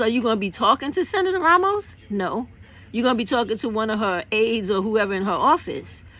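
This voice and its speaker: A woman's voice: a little high, bright, forceful tone. A woman talking bluntly and passionately to her viewers, swearing freely as she explains civic action. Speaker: vlogger. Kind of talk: casual political talk to camera.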